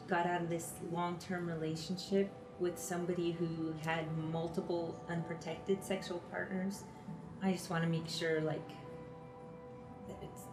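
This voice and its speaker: A woman in her forties talking candidly, nervous and emotional, with halting speech. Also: fairly low pitch. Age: 40s. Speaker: documentary subject. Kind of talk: candid conversation. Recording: background music over the scene.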